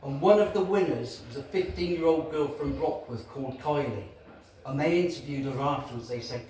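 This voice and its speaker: A man's voice: on the high side, a little fast, dark tone. A man with a Gloucestershire accent doing a stand-up comedy set, crude and self-mocking, recorded from far off in an echoey small venue with the audience audible. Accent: Gloucestershire English. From England.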